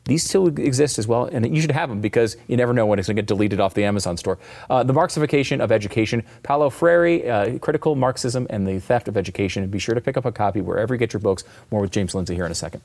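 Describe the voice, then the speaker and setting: Male host, low voice, gravelly fry, brisk, salesy ad read. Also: darkish tone. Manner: brisk, salesy when reading ads. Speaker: talk show host.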